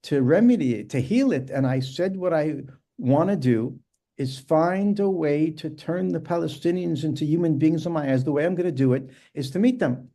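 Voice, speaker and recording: A middle-aged man tells a personal story in an earnest, measured way. His voice sits a little high, yet its tone is warm and mellow. He speaks as a guest in a podcast interview. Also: expressive. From New York. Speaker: rabbi and guest.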